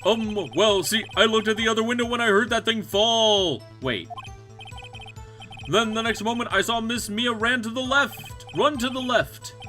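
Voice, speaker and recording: A man's voice: sits high, measured pace, pushed and bright, pitched above the performer's own voice. A man voicing a flustered, pompous male witness who stammers nervously, with game music underneath.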